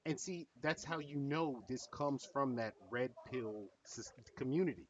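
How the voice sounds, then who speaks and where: A man's voice: mid-range voice, a little slow, few pauses, far from the mic, dull audio. Blunt swearing man ranting commentary. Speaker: streamer reacting to a video. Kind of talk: profane reaction commentary.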